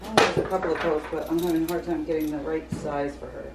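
A woman speaks off camera in short, distracted remarks during a casual family chat. Her voice is slightly low and she talks fast. The home recording carries clear background noise. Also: steady tone.

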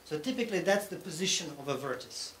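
A man presents at a technical conference, walking through each point step by step and pausing to check that the audience is following. His voice sits somewhat high. The hall around him echoes, with a faint hum of room noise beneath. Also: animated, a bit bright. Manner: explains step by step, often checking in with "okay?". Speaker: conference speaker.

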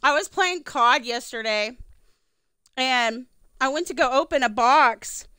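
A woman's voice: sits high, a little slow, pushed and bright, clear, resonant tone, no room sound. A middle-aged woman streaming a video game, chatting casually, swearing freely and now and then singing along. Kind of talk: casual gaming livestream chat.

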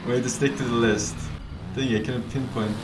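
A man giving casual commentary while playing a roleplay game, excitable and quick to laugh. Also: mid-range voice. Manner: excitable, laughs often, swears in surprise. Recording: echoey far-off mic with loud background noise.

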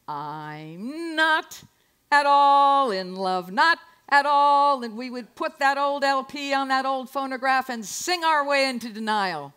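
Wry woman in her sixties telling stories. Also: a little high. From San Francisco, United States. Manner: wry, self-mocking and lively. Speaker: performer. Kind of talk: comic storytelling monologue. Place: live club stage.

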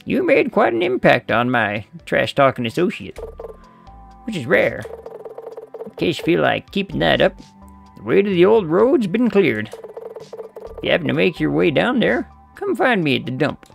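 A streamer voicing a gruff old male rat mobster from a video game, in a low, smug, tough-guy drawl. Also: wildly swooping pitch, moderate pace, pauses often, soft background music, full character voice. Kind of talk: reading game dialogue aloud.

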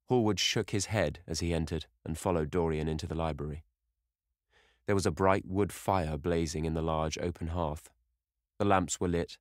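A man narrating a classic novel as an audiobook reader in a measured, even storytelling manner. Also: sits low, no room sound, clean studio sound.

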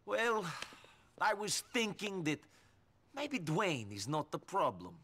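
A hardened gunman from a crime game, quietly threatening the boss he has come to kill. His delivery is low, slow and icy, with deadly calm. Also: husky, exaggerated voice. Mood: cold.

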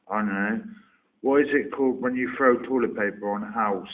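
A man from Somerset with a Somerset accent, reading a word list in a casual vlog, blunt and deadpan with offhand swearing. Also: on the low side, fairly quick. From Somerset, England. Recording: tinny phone-like recording.

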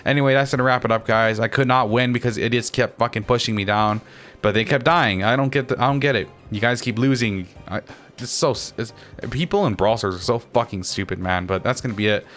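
A man's voice: medium pitch, brisk, fairly bright tone, faint music behind. A young man commentating his own game as he plays, ranting and swearing nonstop about the other players. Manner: swears constantly, ranting and complaining. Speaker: gaming channel host. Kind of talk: frustrated gameplay commentary. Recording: faint background noise.

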